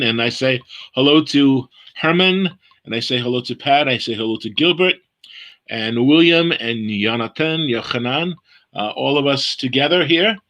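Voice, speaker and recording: A man leading an online Bible study, explaining Hebrew letters and words in an unhurried way. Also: medium pitch, creaky, sharp tone.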